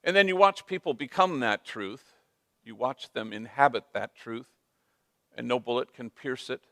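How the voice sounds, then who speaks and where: Brief: male priest telling stories on stage, lively, drops Spanish phrases, dry close sound. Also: mid-range voice, normal speed, vocal fry, dry recording. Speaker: priest and speaker. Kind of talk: storytelling talk.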